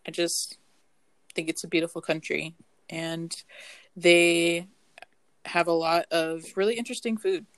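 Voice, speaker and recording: A young adult host chatting casually and reading out the next question at an even pace. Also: medium pitch, measured pace, long pauses, no room sound. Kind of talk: casual chat.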